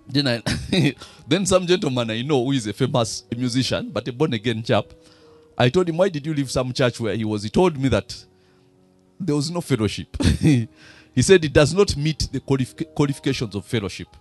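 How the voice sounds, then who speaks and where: A man's voice: medium pitch, lively intonation, fairly quick, faint music behind. A man with a Ugandan accent preaching a sermon, throwing fill-in questions to the congregation. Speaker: pastor.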